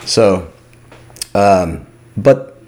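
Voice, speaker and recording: Deep-voiced Texan host with lively pitch. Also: male voice, extremely slow. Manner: eager questioner, calls his guest dude. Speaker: podcast host. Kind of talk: casual chat.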